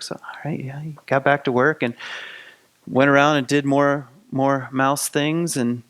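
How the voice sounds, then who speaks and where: A man's voice: medium pitch, flat delivery, measured pace, a bit bright, smooth. A man hosting a spiritual podcast, retelling a folktale in a casual, rambling way full of fillers and restarts. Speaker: podcast host. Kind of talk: spoken storytelling of a folktale.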